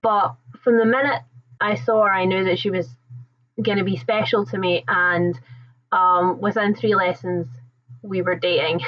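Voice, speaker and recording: Young female stream host, casual and rambling, quick to laugh; slightly muffled audio. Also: medium pitch, fairly even intonation. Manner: chatty, rambling, laughs often. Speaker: livestream host. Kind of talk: casual live chat with viewers.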